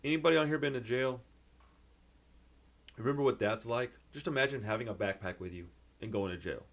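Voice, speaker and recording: A young man telling a rambling, excitable story in a casual vlog, full of fillers and restarts. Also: mid-range voice, brisk, creaky. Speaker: vlogger.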